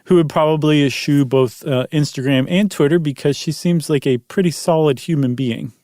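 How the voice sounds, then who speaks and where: A man's voice: on the high side, moderate pace, dark tone, dry recording, studio quality. A man hosting a podcast in casual chat, explaining things at length and chuckling often. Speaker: podcast host.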